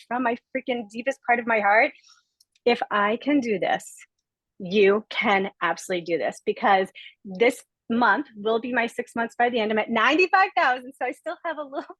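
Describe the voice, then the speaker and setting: A woman's voice: fairly high pitch, fairly bright tone, no echo, rough recording. A woman in her forties from Rhode Island, emotional and near tears, giving an earnest, gushing testimonial as a guest speaker on a webinar video call.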